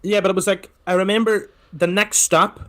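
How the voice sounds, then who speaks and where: A Scottish man tells a travel story on a casual podcast. His delivery is animated and full of restarts, and he swears freely. He keeps coming back to "let me tell you something" to build up to each punchline. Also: sits high, a little fast. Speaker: podcast co-host.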